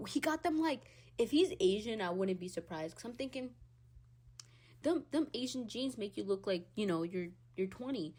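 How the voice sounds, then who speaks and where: A young woman hosting a solo podcast, talking in an animated, casual rant. Her voice sits at a middle pitch, but it jumps from squealing highs to low, muttered asides. She swears freely and laughs often. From Hispanic background. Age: young adult. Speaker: podcast host.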